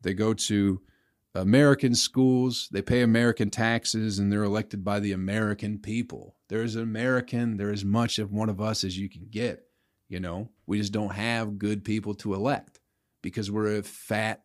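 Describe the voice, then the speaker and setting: A man on a solo podcast mic, ranting with a rambling, sardonic edge and swearing freely. His voice sits a little low, and he talks straight into a close home-studio microphone. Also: steady tone, normal speed. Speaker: podcast host.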